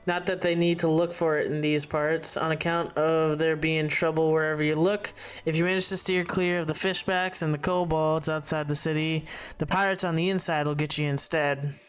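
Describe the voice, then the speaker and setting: A man reading the lines of a gruff, salty middle-aged tavern keeper from a video game, stumbling over words and restarting as he reads the dialogue aloud. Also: fairly high pitch, little pitch movement, moderate pace, soft background music, close to an everyday voice.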